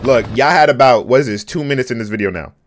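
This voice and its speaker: A young man hosting a casual reaction video, full of slang and bursting into shouts and laughs at what he watches. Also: mid-range voice, quick pace, a little hiss or hum. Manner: excitable, shouts and laughs at the screen, heavy slang. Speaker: reaction channel host.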